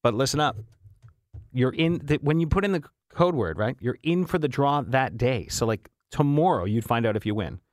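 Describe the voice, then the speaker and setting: A man's voice: medium pitch, animated, normal speed, no echo, clean studio sound. A man hosting a morning radio show, chatting casually and reading listener texts aloud with an upbeat, easily amused manner. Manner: chatty and upbeat, laughs easily, frequent restarts. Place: radio studio. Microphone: studio microphone.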